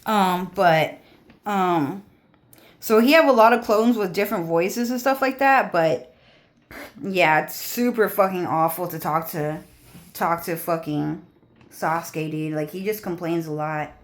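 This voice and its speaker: A woman's voice: fairly low pitch, measured pace. A young woman vlogger ranting to her viewers in a crude, swearing, rambling way, full of fillers. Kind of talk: rambling profane rant to viewers.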